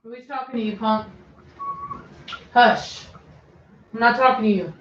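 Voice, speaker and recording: A woman's voice: fairly high pitch, a little slow, fairly bright tone, slight background noise. A middle-aged woman talking casually to her dogs and soothing newborn puppies in baby talk. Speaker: dog breeder filming a puppy watch. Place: home room with dogs. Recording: dull distant home recording.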